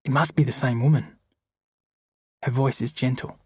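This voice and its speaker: A man narrating an audiobook chapter in a steady, measured reading. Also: medium pitch, breathy edge, no room sound, clean studio sound. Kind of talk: scripted narration.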